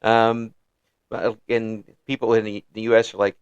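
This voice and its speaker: A man's voice: lowish voice, little pitch movement, moderate pace, clean tone, no echo, lo-fi sound. An American man hosting a casual interview podcast, joking and laughing between lines. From United States. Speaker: podcast host.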